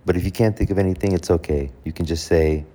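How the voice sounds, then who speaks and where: A male host with a low, dark voice talks fast and casually to camera, giving advice about handling requests. He's conversational, corrects himself, and acts out short example exchanges.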